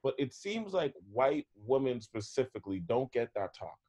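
A man's voice: medium pitch, big pitch swings, moderate pace, mellow. A young adult man talking in casual chat, emphatic and repeating his points.

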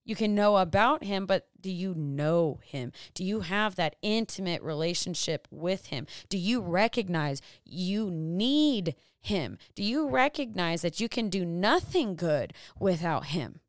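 A young woman giving a casual faith talk, animated, full of rhetorical questions and self-deprecating asides. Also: mid-range voice, clear, resonant tone, no echo, clean studio sound. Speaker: Christian vlogger and small business owner.

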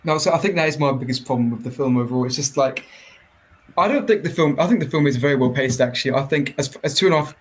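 A man who is a podcast guest, talking about a film in a relaxed, rambling way. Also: mid-range voice, fast talker, low-quality recording. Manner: relaxed, rambling, laughs easily. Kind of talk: casual film review chat.

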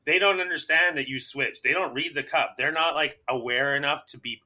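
A young adult man, a podcast co-host, ranting in a casual chat, profane and animated. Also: fairly high pitch, a little fast.

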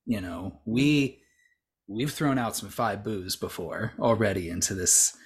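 A man's voice: fairly low pitch, a little slow, breathy edge. A man in his thirties hosts a casual podcast chat. He rambles along, leaning on fillers and restarting his sentences as he goes. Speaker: podcast host.

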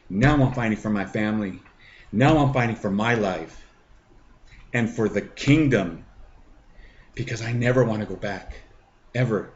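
A middle-aged man hosting a faith podcast, telling a personal testimony in a halting way full of fillers and restarts. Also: fairly low pitch, a little mellow, highs cut off, slight background noise. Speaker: podcast host.

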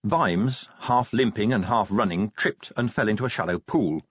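A man narrating a comic fantasy audiobook with expressive, dramatic storytelling. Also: lowish voice, moderate pace, breathy edge, no room sound. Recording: dull, dry, lo-fi audiobook recording.

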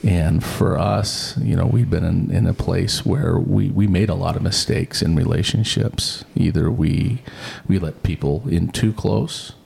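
Gravelly low-voiced male podcast host. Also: measured pace, few pauses. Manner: animated storyteller, laughs often, acts out quotes. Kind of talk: casual interview chat.

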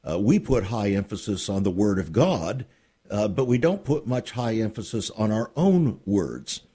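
A man's voice: lowish voice, lively intonation, unhurried, warm tone, husky. A man hosting a radio interview program, speaking in an earnest, emphatic way.

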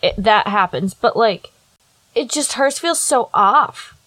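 A woman's voice: a little high, animated, slow pace, a bit bright, dry recording, low-quality recording. A young woman co-hosting a casual chat, reacting emphatically and swearing freely. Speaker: co-host.

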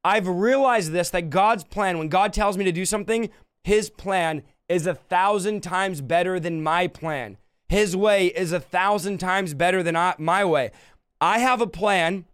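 Fervent high-voiced male preacher. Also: measured pace, fairly bright tone, smooth, no echo, studio quality. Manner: fervent, repetitive preaching with dramatic quoted dialogue. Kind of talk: sermon.

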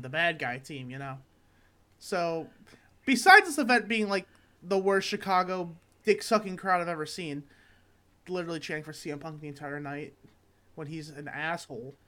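A young man from Michigan co-hosting a comedy podcast, telling a long, profane, rambling story with lots of restarts. He sounds tired, and his voice has not warmed up yet. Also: sits high. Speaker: podcast co-host. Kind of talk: casual comedic chat.

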